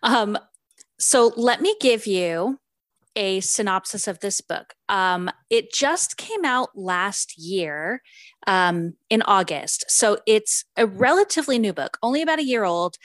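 A woman's voice: medium pitch, lively intonation, unhurried, dry recording. A woman co-hosting a podcast in casual chat, chatty and giggly with many fillers, also reading out a book synopsis. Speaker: podcast co-host.

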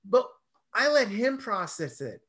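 A man's voice: high-pitched, a little slow. A middle-aged man, a guest in an interview, telling stories expressively and acting out the dialogue. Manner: expressive storyteller, acts out dialogue. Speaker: guest, self-love coach. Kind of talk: animated conversational interview.

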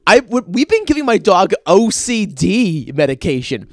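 A man's voice: high voice, moderate pace, no room sound, studio quality, voice pushed up. A man voicing a chatty older New York woman who gushes breathlessly about her pet. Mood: gushing. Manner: breathless, excited, emphatic.

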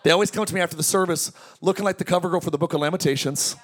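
A man with a high, bright voice preaches to a tent congregation. He keeps it lively, with jokes and questions thrown out to the crowd. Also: rapid-fire, husky. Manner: energetic, joking preaching with audience call-outs. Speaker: pastor. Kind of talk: sermon. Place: large tent church.

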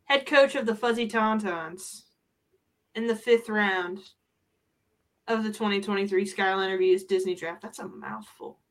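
A woman hosting a podcast in casual chat, excitable and quick to laugh. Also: medium pitch. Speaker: podcast host.

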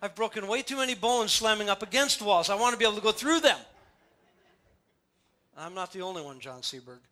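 A man preaching a sermon in a church, reading scripture aloud and explaining it in an animated, storytelling way. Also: high voice, fairly quick. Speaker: pastor. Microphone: church sound system.

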